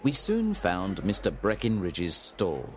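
A man narrating a storybook with a clear, even-paced reading. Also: low voice, takes it slowly, a faint crowd, a little hiss or hum.

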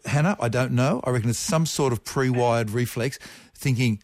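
A man's voice: medium pitch, normal speed, a little mellow, dry recording. A man chatting on a radio science segment, playful and fond of spelling out words letter by letter. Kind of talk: casual radio science chat. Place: radio studio. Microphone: studio microphone.

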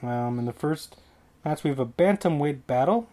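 A man's voice: a little high, lively intonation, normal speed, dark tone. A man hosting a casual solo podcast, rambling through fight predictions in a jokey way and often correcting himself mid-sentence. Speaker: podcast host.

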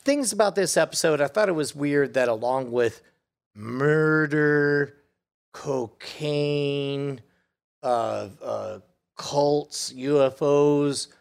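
A man's voice: a little high, expressive, a little slow, gravelly, a little mellow. A man co-hosting a podcast, casually chatting about a TV episode with a wry, joking manner. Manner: wry, joking, laughs often. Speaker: podcast co-host. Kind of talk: casual chat reviewing a TV episode.

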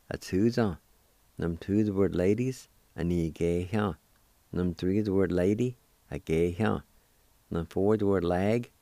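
A man's voice: low-pitched, vocal fry, mellow, no room sound. A man hosting a radio language lesson, patiently spelling words letter by letter and repeating each pronunciation for learners. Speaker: radio language teacher and host.

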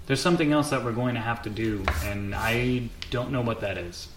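A man voicing a stern, patient male mentor who speaks in a measured, instructive way. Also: mid-range voice, reverberant, noisy background, natural voice.

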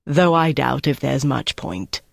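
An audiobook narrator voicing an irritated, domineering male committee chairman with a dry, measured delivery in a dry, close recording. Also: mid-range voice, lively intonation, creaky, dry recording. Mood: curt.

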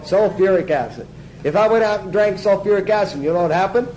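A man's voice: high voice, fairly quick, a little mellow, low-quality recording. A man teaching a Bible class in sermon style, emphatic, asking the class questions and answering them himself.

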